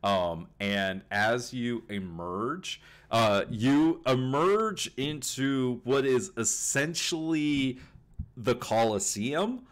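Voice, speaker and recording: A man's voice: mid-range voice, lively intonation, very slow. A man narrating a tabletop game as game master, rambling with many fillers, on a home computer mic.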